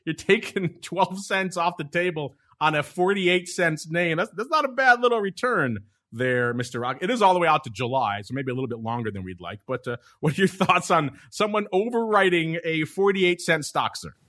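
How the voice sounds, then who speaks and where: A man's voice: fairly high pitch, lively intonation, moderate pace, a bit bright. A man hosting a casual podcast chat, joking along, chuckling often and teasing his co-hosts. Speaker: podcast host.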